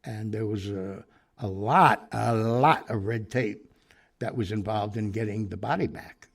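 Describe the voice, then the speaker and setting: A man telling an anecdote in a lively way, acting out the people he quotes, with fillers and restarts. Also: fairly low pitch, a little slow, vocal fry. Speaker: storyteller guest.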